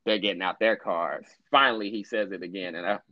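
Low-voiced man telling a profane story. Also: fairly quick, no echo, muffled recording. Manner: profane, animated storyteller acting out quotes. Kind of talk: casual storytelling chat.

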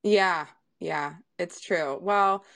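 A woman's voice: fairly low pitch, extremely slow, gravelly, a bit bright, dry recording, clean studio sound. A young adult woman hosting a podcast in casual chat, laughing often and restarting her sentences. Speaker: podcast host.

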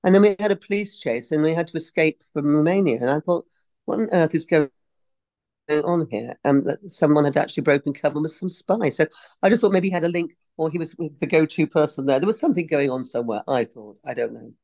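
Here the same kind of guest, a woman in her 60s who is an English actress, talks fast in a low, darkish voice during a relaxed interview, wandering into digressions and laughing frequently. There's no echo; the sound is dry.

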